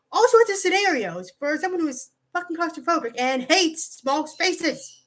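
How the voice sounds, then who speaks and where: Woman, high voice, casual storytime vlog, rambling, swears a lot, lots of "like". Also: moderate pace, poor audio. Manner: rambling and profane, heavy use of "like"; animated, jumps between asides. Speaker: vlogger.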